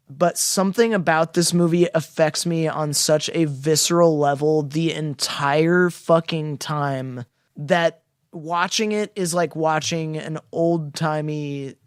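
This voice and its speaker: Man with a smooth, fairly high voice. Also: no echo, clean studio sound. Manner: rambling, halting restarts, searching for words. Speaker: podcast co-host. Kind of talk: casual film discussion.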